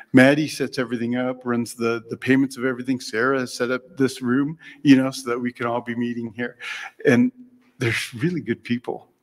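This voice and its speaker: Man, earnest storyteller at a lectern, long hall reverb. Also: mid-range voice. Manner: earnest storytelling, acting out his own thoughts. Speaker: speaker giving a religious lecture. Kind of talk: devotional talk with personal stories. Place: meeting room before an audience.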